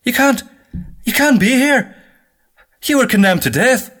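A man's voice: high-pitched, very animated, moderate pace, a bit bright, pitched above the performer's own voice. A man voicing a nervous young male witch hunter trainee who stammers and insists on his duty. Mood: nervous, defiant. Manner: flustered, stammering.

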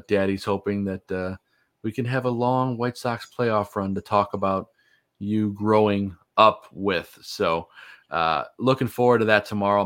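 A man in his thirties hosts a sports podcast in a casual, easygoing way, rambling with plenty of fillers. His voice sits on the low side with a slight brightness.

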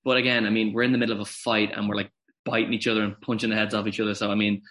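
A man actor on a podcast, talking haltingly about filming, with frequent restarts. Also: lowish voice, level tone, fairly bright tone. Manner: halting, restarts often, self-deprecating. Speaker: actor guest. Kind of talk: casual podcast interview.

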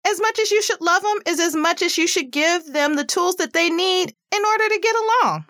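A woman's voice: fairly quick, a bit bright, no echo, clean studio sound. Chatty woman giving earnest parenting advice. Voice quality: pitchy voice. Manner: chatty, earnest, emphatic, fillers like "like". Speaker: parenting podcast host. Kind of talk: casual advice talk.

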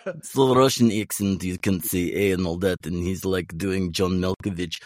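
A man's voice: deep voice, fairly even intonation, normal speed, dry recording, clean studio sound. Blunt, profane man in casual chat. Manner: blunt, profane, sardonic ranting. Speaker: guest voice actor.

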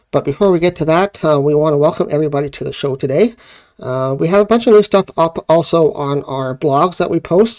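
A man's voice: a little high, gravelly, a little mellow. A man hosting a live podcast, making upbeat, promotional announcements punctuated by frequent "uh"s. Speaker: podcast host.

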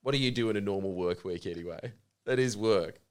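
A man's voice: fairly low pitch, brisk, very noisy. A man co-hosting a podcast in casual chat, dry and teasing, playfully bossy. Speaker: podcast co-host.

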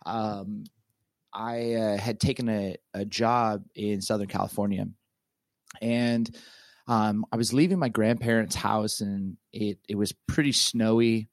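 A man's voice: on the low side, no room sound. Middle-aged guy telling a story on a podcast, lots of likes and restarts, super dry close sound. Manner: animated, halting storyteller with many fillers and restarts. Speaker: pastor and author, guest. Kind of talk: casual storytelling in an interview.

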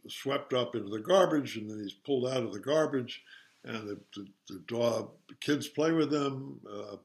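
An older man, an interview guest, retelling a children's story in a halting, casual way with many fillers. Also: lowish voice.

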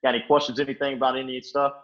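A man's voice: medium pitch, little pitch movement, racing, fairly bright tone, highs cut off. A man talking as a podcast guest in a laid-back casual chat, calling everyone man and dude.

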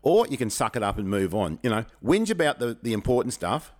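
A man's voice: medium pitch, brisk. Frank middle-aged man. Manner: animated storyteller, frank, colloquial. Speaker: podcast co-host and teacher. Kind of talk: casual chat.

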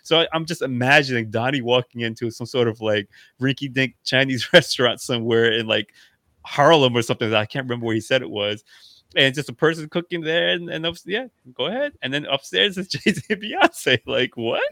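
A man co-hosting a podcast, telling stories in animated casual chat and filling his speech with "like". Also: medium pitch, fairly quick, no echo. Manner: animated storyteller, lots of "like". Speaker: podcast co-host.

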